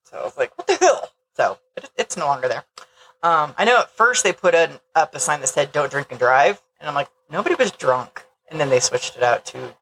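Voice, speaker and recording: A sarcastic podcast host with a strongly gravelly, fry-heavy voice who keeps cracking wry jokes and laughing. A faint hiss sits under the recording. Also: medium pitch, a bit bright, low-quality recording. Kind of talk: casual chat.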